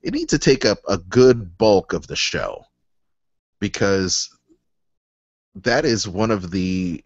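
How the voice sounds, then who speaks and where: Deep-voiced halting podcast co-host. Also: male voice, no room sound. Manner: halting, restarts a lot. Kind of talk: casual chat. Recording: dry, dull lo-fi podcast audio.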